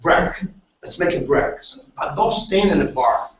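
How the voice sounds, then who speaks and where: An Italian man talks in animated, broken English, swearing freely and repeating himself. His voice sits high. He is recorded from a distance in a very echoey space, and the sound is muffled. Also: unhurried. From Italy. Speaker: manager. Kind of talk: casual chat.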